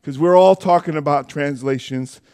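A man with a high-pitched voice preaches a sermon in church. He keeps it conversational, with asides and self-corrections as he goes. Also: normal speed, darkish tone, clean tone.

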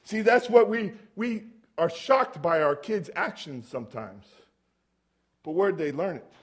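A man's voice: high voice, animated, a little slow, slightly rough. A man giving a conversational sermon, telling stories and asking the congregation rhetorical questions. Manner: storytelling, asks the audience rhetorical questions. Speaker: preacher.

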